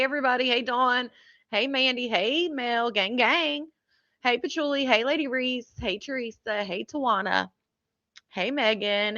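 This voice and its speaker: Woman live-stream host, chatty, bright sharp voice, a little high, dull lo-fi sound. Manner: chatty, greeting viewers one by one. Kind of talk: casual live-stream chat.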